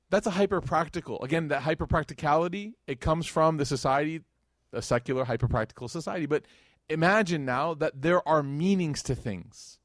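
A man's voice: fairly quick, no echo, clean studio sound. A young man giving a casual, storytelling religious lecture, acting out quotes in a lifted voice. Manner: conversational, storytelling, acts out quotes with rising pitch. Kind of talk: religious lecture to a live audience.

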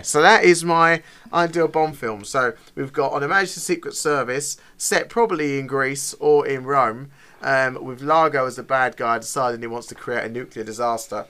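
A man co-hosting a relaxed podcast, his tone bright and forward. He talks enthusiastically and laughs easily, with plenty of casual filler. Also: medium pitch, moderate pace. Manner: chatty, enthusiastic, laughs often. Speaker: podcast co-host. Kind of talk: casual chat.

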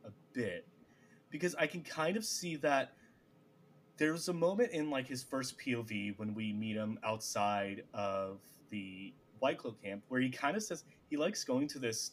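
A man's voice: on the low side, slight background noise. A man co-hosting a casual chat, retelling scenes and acting out the characters' lines. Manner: animated, acts out characters' lines. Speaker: podcast co-host.

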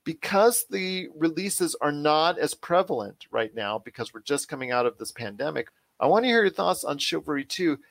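A man hosting a pop culture podcast in energetic, rambling casual chat. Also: fairly high pitch, moderate pace, vocal fry, hardly any pauses, dry recording. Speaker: podcast host.

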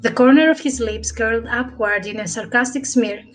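A woman author reading her own novel aloud in a steady storytelling manner. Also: on the high side, brisk, hardly any pauses, faint music behind, poor audio.

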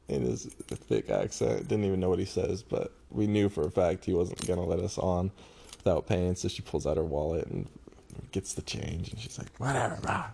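A man's voice: low voice, fairly even intonation, normal speed, vocal fry, mellow, slightly rough. A young man casually telling a rambling travel story, swearing and laughing as he goes. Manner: rambling, profane, laughs often. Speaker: vlogger.

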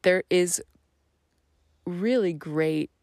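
A woman's voice: fairly low pitch, darkish tone, no echo. A woman hosting her own podcast, talking earnestly and reflectively about purpose, slipping into whispered phrases now and then. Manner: earnest, slow and spiritual, with dropped whispery phrases. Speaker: podcast host. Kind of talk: reflective solo podcast monologue.

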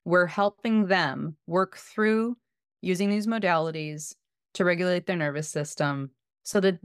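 A woman's voice: lowish voice, measured pace, smooth, no echo, clean studio sound. A woman podcast co-host and parent, explaining practical tips in a casual chat.

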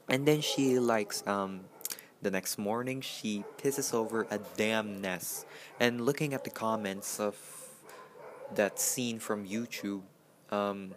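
A man's voice: on the low side, a little hiss or hum. A man giving a casual, profane movie reaction, chatty and full of filler words. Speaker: film reaction vlogger.

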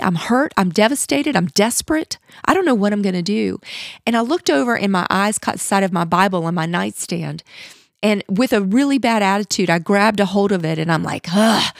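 A middle-aged woman tells her personal faith testimony as a podcast host, earnest and openly confessional. Her mid-pitched voice has a gravelly fry to it. The recording is dry and close, with no room around it. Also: no room sound.

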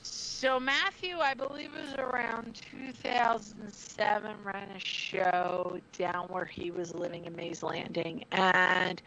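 A woman's voice: medium pitch, slow, hardly any pauses, slight background noise. A brash middle-aged woman, a former wrestler and trainer, telling stories in a casual interview with plenty of swearing. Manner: brash, profane, animated. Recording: dull lo-fi audio.

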